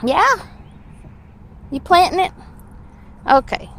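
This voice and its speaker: A woman's voice: very high-pitched, very animated, slow, fairly bright tone, poor audio. A woman narrates a handheld vlog in an outdoor garden. She chats, laughs often and coos sing-song at a toddler. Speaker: parent or caregiver filming a walk. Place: outdoor garden on a windy day. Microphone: handheld camera mic. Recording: wind noise on an outdoor camera mic.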